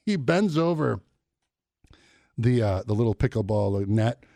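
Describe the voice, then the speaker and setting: A male morning-show host on a studio mic, talking in an animated, storytelling way. He laughs often and slips into quick impressions. His mid-pitched voice sounds close and dry, with no room echo. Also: gravelly. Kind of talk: casual radio banter.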